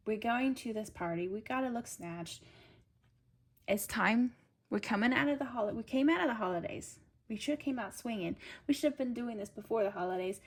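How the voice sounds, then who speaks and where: A woman giving a casual tarot reading. She reads card meanings aloud and then riffs on them, chatting straight to the viewer in an upbeat, coaxing way. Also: medium pitch. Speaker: tarot reader.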